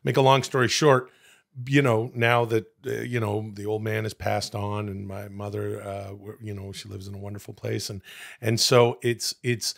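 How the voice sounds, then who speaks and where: Gravelly man rambling casually. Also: lowish voice, normal speed. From Canada. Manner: rambling, fillers, bursts of excitement. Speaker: podcast co-host. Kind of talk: casual chat.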